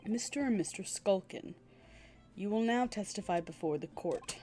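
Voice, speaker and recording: A woman's voice: mid-range voice, animated, moderate pace, mellow, close to an everyday voice. A woman voicing a stern, pompous elderly male judge with a formal manner.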